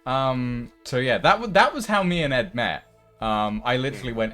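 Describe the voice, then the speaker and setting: A man's voice: medium pitch, lively intonation, moderate pace, bright, forceful tone, faint music behind. A man streaming, chatting casually with many fillers and restarts. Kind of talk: casual chat.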